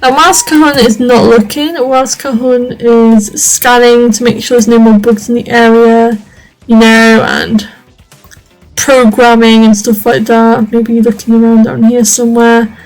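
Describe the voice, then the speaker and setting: A woman's voice: a little high, flat delivery, unhurried, soft background music, rough recording. A woman giving casual, rambling commentary over her gameplay. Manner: chatty, rambling, lots of fillers. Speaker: video game creator.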